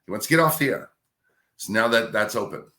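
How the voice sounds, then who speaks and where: A middle-aged man, a radio host, telling a career story in a casual, animated way. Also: on the low side, fairly quick. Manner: animated anecdote telling with acted-out quotes. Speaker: radio host, podcast guest.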